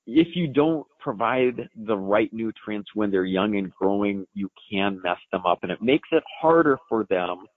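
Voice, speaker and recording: A man's voice: lowish voice, dry recording. A man in his forties, an expert answering a listener's question on a live show, talking in a folksy, explanatory way with plenty of fillers. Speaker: equine science expert. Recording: dry, phone-like line.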